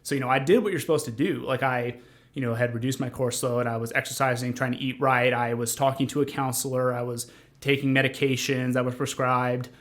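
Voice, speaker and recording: Earnest, flat-voiced young man. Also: mid-range voice, fairly quick. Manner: earnest, rambling, many fillers and restarts. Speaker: podcast guest. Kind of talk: conversational storytelling.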